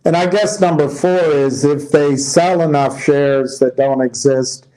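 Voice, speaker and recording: A man's voice: fairly high pitch, steady tone, unhurried, dark tone, poor audio. A man giving casual stock market commentary, reading headlines aloud and musing over them in a loose, tired way. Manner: loose, restarting sentences, tired and yawning.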